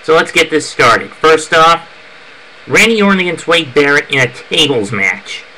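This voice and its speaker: A wrestling fan offers his event predictions in a casual, opinionated monologue, often breaking into heated rants. His voice is a little high, animated and sharp, at normal speed. The rough recording has a slight hiss or hum, with music playing underneath.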